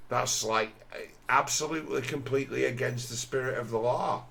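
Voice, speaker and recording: A man's voice: medium pitch, normal speed, vocal fry, hardly any pauses, fairly bright tone. A man giving a crude, scornful commentary over a video, often mimicking the people he mocks.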